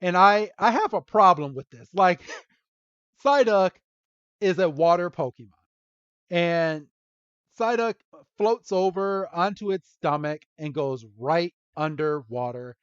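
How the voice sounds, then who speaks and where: A man's voice: high voice, expressive, takes it slowly, fairly bright tone, clean tone, no room sound. A man hosting a podcast, recapping a cartoon episode in a loose, rambling way and chuckling often. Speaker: podcast host. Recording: dull lo-fi dry sound.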